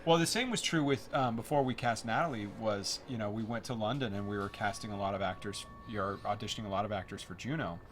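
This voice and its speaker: Man, game developer commentary, lively storyteller, low-ish voice, noisy track. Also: quick pace, few pauses. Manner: animated storyteller, acts out quotes.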